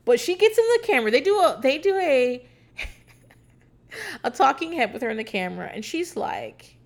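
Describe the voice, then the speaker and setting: A young woman from Virginia hosting a podcast, chatting casually, cursing freely, laughing a lot and acting out quotes in a high voice. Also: very animated, moderate pace, vocal fry. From Hampton Roads, Virginia. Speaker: podcast host. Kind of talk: casual storytelling chat.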